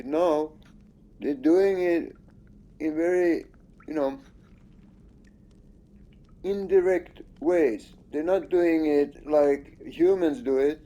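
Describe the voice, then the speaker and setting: A man's voice: on the high side, slow pace, pauses often, dark tone, lo-fi sound. A man giving casual, rambling commentary over his own gameplay, accusing and swearing at the screen.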